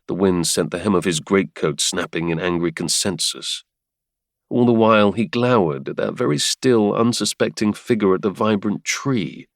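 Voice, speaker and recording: Low-voiced male audiobook narrator. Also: normal speed, gravelly, no room sound, studio quality. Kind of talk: scripted romance narration.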